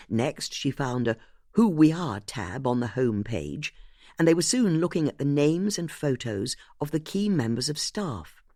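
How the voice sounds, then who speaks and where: An audiobook narrator reading a mystery in an expressive way. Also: medium pitch, no room sound, clean studio sound.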